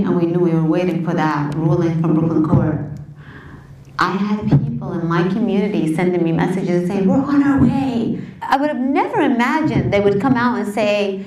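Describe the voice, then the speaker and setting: A woman's voice: on the low side, moderate pace, darkish tone. Woman, activist storyteller, heartfelt and conversational; distant mic, echoey room. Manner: impassioned, conversational, emotional. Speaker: community activist and organizer. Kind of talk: personal storytelling talk to an audience.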